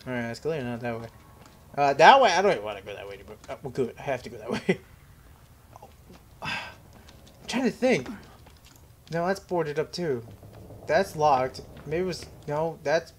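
Jokey young man with a lively voice. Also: on the high side, normal speed, pauses often, slightly rough. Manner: jokey, rambling self-talk. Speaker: gaming commentator. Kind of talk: let's play commentary.

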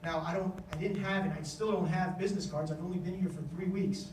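Guy giving a speech at a conference, high voice, animated stories, roomy hall sound. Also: fast, distant mic, slight background noise. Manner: animated storytelling, acts out quoted voices. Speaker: education official giving a speech.

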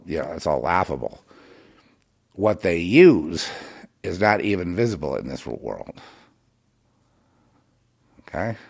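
A podcast host with a low voice and some vocal fry delivers a rambling, impassioned monologue. He sarcastically scolds his listener and restarts often.

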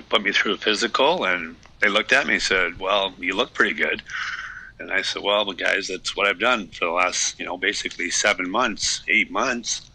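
A man's voice: sits low, bright, forceful tone, breathy edge, poor audio. A man in his fifties, a podcast guest, telling his story in a candid, reflective way with many restarts. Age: 50s. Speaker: guest, retired hockey player. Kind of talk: casual podcast interview.

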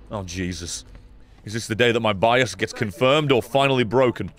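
A young man giving sarcastic, swearing commentary while playing a game, with sudden loud outbursts. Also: medium pitch, animated, brisk. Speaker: gaming YouTuber. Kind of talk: let's play commentary.

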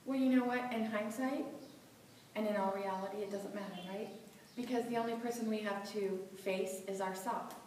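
A middle-aged woman giving a motivational talk to a live audience, animated and laughing often as she acts out inner voices. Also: medium pitch, normal speed, a little hiss or hum. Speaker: motivational speaker. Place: seminar room with audience. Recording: echoey hall, voice from far off.

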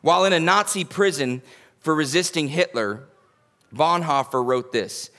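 A man's voice: fairly high pitch, normal speed, sharp tone. A male pastor, preaching a sermon in a folksy, humorous storytelling way. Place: church sanctuary.

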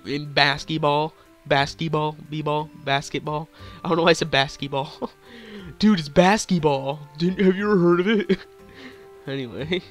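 Hyper giggly young man, high voice. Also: normal speed, faint music behind. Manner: hyper, giggly, crude, rambling. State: sore throat. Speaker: gaming YouTuber. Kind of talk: hyper casual gameplay commentary.

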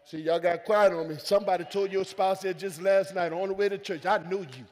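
A high-pitched male pastor preaching to his congregation, swinging from soft asides to loud, emphatic calls. He acts out quoted voices in easy vernacular. His voice rings with the long reverb of a church sanctuary. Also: fairly even intonation, a little fast. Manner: call-and-response preaching, swelling to loud emphatic lines. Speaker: senior pastor. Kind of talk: preaching a sermon.

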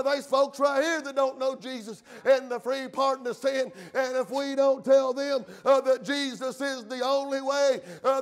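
Male pastor, very high voice, fiery sermon full of "amen" and "uh". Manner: emphatic preaching with frequent "uh" and "amen". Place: church sanctuary.

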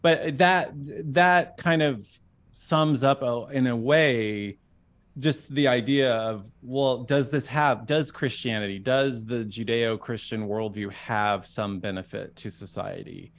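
A man's voice: medium pitch, takes it slowly. Chatty man telling a story. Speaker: talk show host. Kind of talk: conversational interview.

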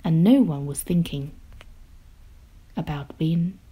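A woman reading a children's picture book aloud, slow, gentle and expressive, sometimes dropping to a hush. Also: sits low, breathy edge. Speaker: storyteller.

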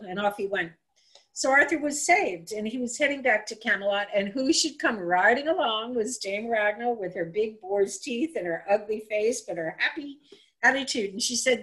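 A woman telling a folk tale aloud on a live stream, in an animated, chatty way with asides and restarts. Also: a little high, normal speed, poor audio. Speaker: storyteller. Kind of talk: casual live-streamed storytelling.

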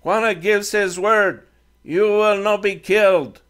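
A man's voice: high-pitched, steady tone, slow, fairly bright tone, clean tone, voice pushed up. A man doing a defiant teen boy in broken English. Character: defiant teenage boy, gang leader.

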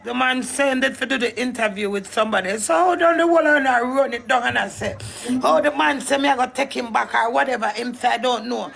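A woman's voice: on the high side, fairly quick, gravelly, a bit bright. A Jamaican woman, tearful and distraught, talking in agitated patois and swearing heavily as an interview guest. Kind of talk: emotional interview talk.

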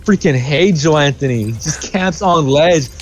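A man's voice: on the high side, normal speed. A young man in his teens casually trash-talking friends during a multiplayer fighting game. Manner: loud excitable trash talk. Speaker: gaming channel host. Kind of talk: casual gaming banter. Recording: voice chat over loud game music.

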